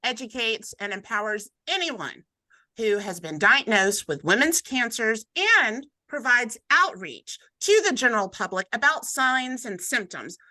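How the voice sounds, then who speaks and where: A woman's voice: on the high side, sing-song, unhurried, bright, forceful tone, no room sound, poor audio. A woman with a Southern US accent from Atlanta, hosting a casual webinar in an upbeat, chatty way. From Atlanta, Georgia. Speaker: host.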